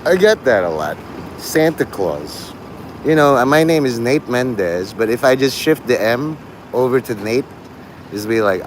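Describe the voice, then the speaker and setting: A man's voice: mid-range voice, animated, measured pace, slight background noise. A man hosting a casual livestream, rambling, laughing often and swearing freely. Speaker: livestream host.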